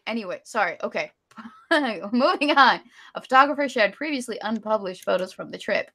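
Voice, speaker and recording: A woman's voice: a little high, animated, moderate pace, bright, forceful tone. A woman co-hosting a casual live stream, ranting with strong opinions and reading viewer donations. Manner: opinionated ranting, then giggly and apologetic. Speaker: stream co-host.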